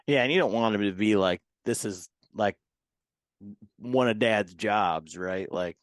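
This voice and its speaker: A man's voice: lowish voice, unhurried, dry recording, clean studio sound. A man in his thirties, a podcast host, chatting casually with lots of "like" and acting out quoted dialogue. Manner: chatty, filler-heavy, acts out quoted dialogue. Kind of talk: casual chat. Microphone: podcast microphone.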